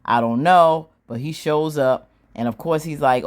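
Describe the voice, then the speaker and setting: A woman casually recapping a TV drama episode, animated and slangy, acting out the characters' lines. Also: sits low, a little slow. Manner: animated, slangy storytelling with squealing acted-out quotes and laughs. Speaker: show recap host.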